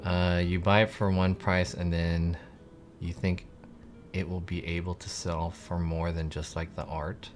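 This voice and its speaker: Low-voiced rambling male streamer. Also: level tone, unhurried, soft background music. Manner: rambling, heavy on "like" fillers. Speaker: live streamer. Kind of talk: casual chat with viewers.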